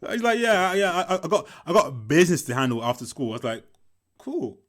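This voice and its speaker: A young man telling a story in a loose, rambling way, repeating words and swearing as he goes. His voice sits a little high and swings widely up and down. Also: quick pace. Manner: animated, laughing, swears, repeats himself. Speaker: movie reaction commentator. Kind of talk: casual storytelling.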